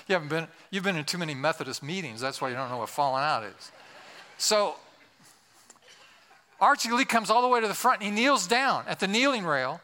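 A man's voice: sits high, lively intonation, moderate pace, pauses often, pushed and bright, in a large hall. An older male pastor telling a story in a sermon, with humorous, self-deprecating asides.

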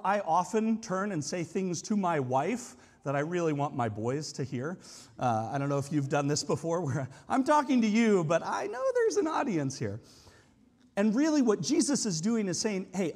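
A male pastor preaches in a relaxed, explanatory way, often hedging his points with casual asides. His voice sits high and swings widely in pitch. The sound carries a long hall reverb, as in a church sanctuary. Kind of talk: sermon.

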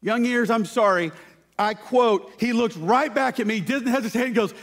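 A man preaching a sermon, telling stories with lively shouted quotes. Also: very high voice, normal speed. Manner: animated storytelling with shouted quotes. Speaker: pastor. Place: church sanctuary. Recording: church hall reverb.

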